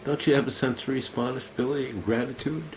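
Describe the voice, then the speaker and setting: A man's voice: mid-range voice, steady tone, quick pace, slight background noise, low-quality recording. Bitter older man cursing at the camera. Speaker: veteran. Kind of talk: angry monologue to camera.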